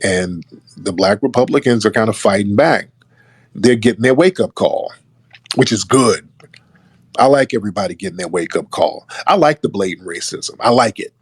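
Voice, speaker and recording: A man's voice: on the low side, animated, moderate pace, husky, no room sound. A man giving casual political commentary, emphatic and scornful. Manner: emphatic, scornful, mimics others. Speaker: online commentator.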